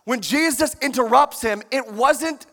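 A man preaching a sermon in a large church, emphatic and animated, questioning the congregation. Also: very high voice, a little slow, gravelly. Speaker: pastor. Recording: long church-hall reverb.

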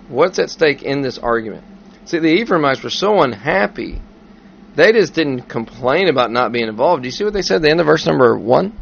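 A man's voice: on the high side, gravelly, highs cut off, slight background noise. A man preaching a sermon in a conversational way, with asides and restarts. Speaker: pastor.

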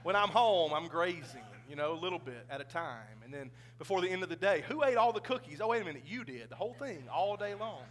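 A man's voice: a little high, sing-song, fast talker, hardly any pauses, fairly bright tone. A man preaching a sermon as pastor in a church sanctuary, talking conversationally and joking with the congregation.

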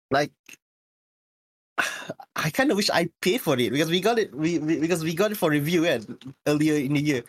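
A man's voice: fairly high pitch, no room sound. A man, co-hosting a podcast chat and speaking hesitantly with sighs. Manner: hesitant, sighing. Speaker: podcast co-host. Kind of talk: casual panel chat.

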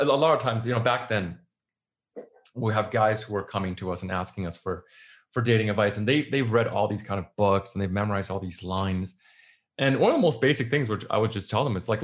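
Man telling stories in casual chat. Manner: storytelling, acts out imagined dialogue, drops to soft low tones. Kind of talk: casual conversation.

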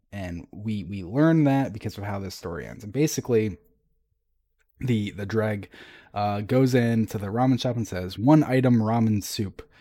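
A man co-hosting a podcast, casually retelling a story with animated restarts and frequent laughter. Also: lowish voice, no echo. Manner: animated, laughs often, quick restarts, quotes characters in an everyday voice.

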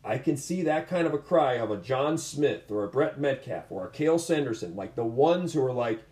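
Earnest rambling coach, male, dark mellow voice, roomy echo. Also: medium pitch, animated, normal speed. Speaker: combat sports coach and host. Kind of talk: casual storytelling in conversation. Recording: echoey room.

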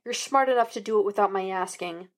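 A woman's voice: mid-range voice, quick pace, lightly acted. A woman reading the lines of a stern male police detective who speaks curtly. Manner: curt, barking.

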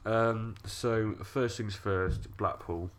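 A man hosting a podcast in casual chat, loose and jokey, firing quick questions at his guests while a little unwell. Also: fairly low pitch, steady tone. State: unwell, voice softer than usual. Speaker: podcast host.

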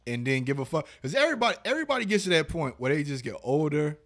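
A man's voice: fairly high pitch, sing-song, racing, fairly bright tone. A man co-hosting a podcast in casual banter, swearing freely and laughing often. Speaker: podcast co-host.

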